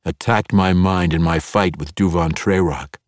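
A man reading an audiobook and voicing an angry, blunt male dark elf weapon master who growls his clipped lines. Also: low-pitched, moderate pace, no room sound, clean studio sound.

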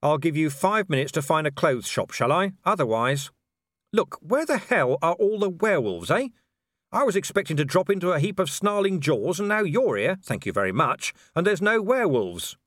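A man voicing a gruff, battered middle-aged male commander who talks sarcastically. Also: a little high, very animated, normal speed, fairly bright tone, dry recording, studio quality, voice pushed up.

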